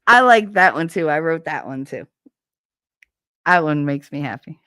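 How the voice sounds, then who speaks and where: A woman's voice: sits low, expressive, normal speed, bright, forceful tone. A woman livestreaming on her own channel, chatting casually in a blunt, profane, rambling way. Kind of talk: casual stream chat. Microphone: desk microphone.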